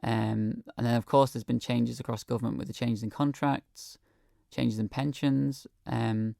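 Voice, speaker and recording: A man's voice: mid-range voice, level tone, a little slow, creaky, dark tone, no room sound, clean studio sound. A man speaking as a guest in a radio interview, earnest and hesitant, with many ums. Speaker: guest, hospital patient. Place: radio studio.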